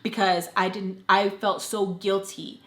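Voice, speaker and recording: A young woman vlogger telling a personal story in a casual, animated, blunt way, swearing freely. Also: mid-range voice, measured pace. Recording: echoey room.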